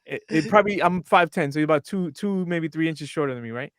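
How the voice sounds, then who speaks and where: A man guest on a podcast, telling a lively anecdote and acting out the voices of the people in it. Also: on the high side, quick pace, clean tone, no room sound. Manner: animated, acts out voices in his anecdote. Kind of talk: storytelling on a podcast.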